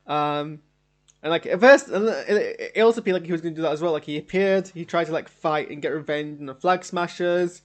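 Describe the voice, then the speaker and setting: A man's voice: on the high side, steady tone, moderate pace. A man streaming a live show reaction from his home studio, rambling and enthusiastic as he talks it through.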